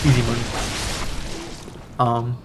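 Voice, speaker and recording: A man's voice: mid-range voice, completely flat delivery, takes it slowly. A young man hosting a gaming channel, telling a long, profane, rambling story in casual commentary while he plays at home. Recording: noisy background.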